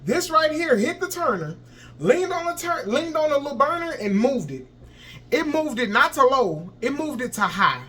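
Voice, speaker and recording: A man's voice: very high voice, big pitch swings, normal speed, bright, forceful tone. A young man, telling a story in a vlog and acting out sounds and his own panic. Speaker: vlogger.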